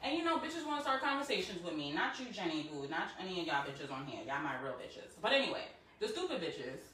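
A woman with a bright, lively voice that swoops up and down while she tells sassy, profane stories as a podcast co-host. She sits well back from the mic in a very echoey room. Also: lowish voice, fast talker, distant mic, slight background noise. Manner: sassy, profane, animated storyteller. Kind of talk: casual chat.

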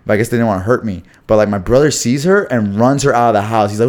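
A young man from Houston, co-hosting a podcast and telling a long story in slangy, animated casual talk, saying "bro" again and again. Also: on the low side, rapid-fire, hardly any pauses. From Houston, Texas. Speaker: podcast co-host.

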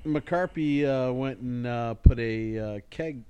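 An easygoing man co-hosting a casual podcast and laughing along with the others. His voice is plain and mid-pitched. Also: measured pace, mellow, clear, resonant tone, muffled recording. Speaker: podcast co-host. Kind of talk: casual chat.

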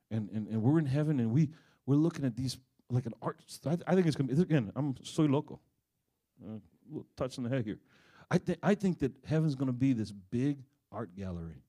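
A middle-aged man preaching, telling a family story in an animated way before turning soft and earnest. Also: medium pitch, husky. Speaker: pastor. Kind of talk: sermon with a personal story.

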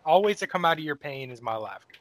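A man's voice: on the high side, animated, fast, fairly bright tone, no room sound. A man co-hosting a casual sports podcast, teasing his partner and laughing often. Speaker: podcast co-host. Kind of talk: casual chat.

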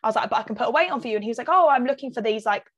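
A young woman chats casually as a podcast co-host. She tells lively stories and acts out what people said, with plenty of "like" fillers. Her voice sits a little high. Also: rapid-fire, muffled recording. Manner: lively anecdotes, acts out quotes, many "like" fillers. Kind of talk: casual chat, storytelling.

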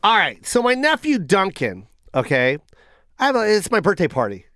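A man hosting a comedy podcast, telling stories with heavy swearing. His voice is high for a man and swings widely in pitch. The recording is dry and close. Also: moderate pace, no room sound. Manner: animated, profane storytelling. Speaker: podcast host. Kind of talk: casual comedic chat.

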